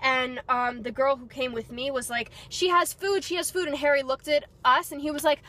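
A young woman vlogger excitedly telling a story, gushing and breathless with lots of fillers. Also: sits high, a little slow. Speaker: beauty vlogger.

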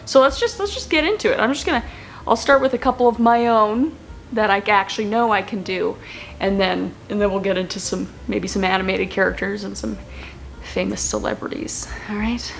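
A woman's voice: medium pitch, brisk, gravelly, slight background noise. A woman introducing her impressions video in a casual, self-deprecating, slightly rambling way.

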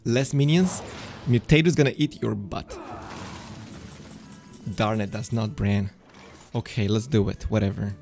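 Gravelly guy streaming a card game, talks slow and chatty to himself, squeals when excited. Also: on the low side, soft background music. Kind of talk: casual gameplay commentary.

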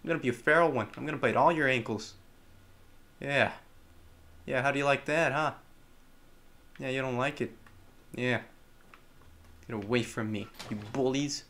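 A young man giving casual, joking commentary on a horror game, chatting to the characters and breaking into loud yelps. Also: mid-range voice, moderate pace, pauses often. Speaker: gameplay commentator.

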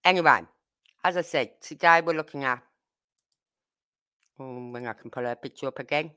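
Using a very deep, bass voice that's sharp and clean, a Brummie woman from Birmingham, England, hosts a true crime livestream at normal speed. Her casual chat is blunt and indignant, aimed right at her viewers.

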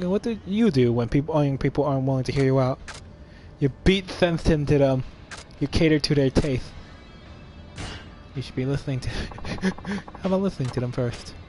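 A man's voice: mid-range voice, dark tone. Playful male streamer reading a game aloud. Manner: playful, laughs between lines. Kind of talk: reading game dialogue aloud with live commentary.

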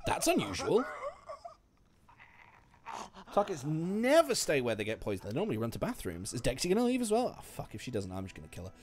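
A man streaming a video game, commenting live with swearing, shouting and laughing. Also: medium pitch, wildly swooping pitch, fairly quick, long pauses, slight background noise.

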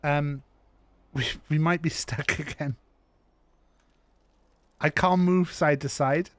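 A man's voice: on the high side, steady tone, takes it slowly, dry recording. A Welsh man streaming a game, talking casually to himself with swearing and chuckles. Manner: swearing, chuckling, laid-back. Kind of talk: casual gaming commentary.

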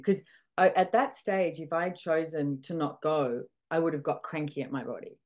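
A middle-aged woman hosting a casual coaching talk, animated, acting out little dialogues and swearing freely. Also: deep voice, brisk. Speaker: podcast host and facilitator.

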